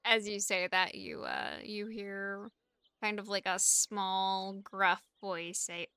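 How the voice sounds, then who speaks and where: A woman narrating a tabletop game as game master in a relaxed, unhurried way. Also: mid-range voice, smooth, no echo, clean studio sound. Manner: slow and relaxed, with fillers.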